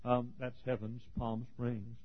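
A man preaching a sermon, telling a story with strong emotion that swings between hushed tones and near-shouting, with stammers and small chuckles. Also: medium pitch, little pitch movement, slow. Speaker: pastor. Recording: dull lo-fi recording.

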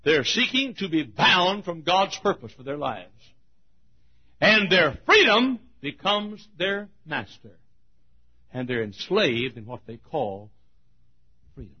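A male preacher delivering an emphatic sermon, swinging from hushed lines to shouts, on a lo-fi recording. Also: fairly high pitch, big pitch swings, takes it slowly, slightly rough. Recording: dull lo-fi old sermon tape.

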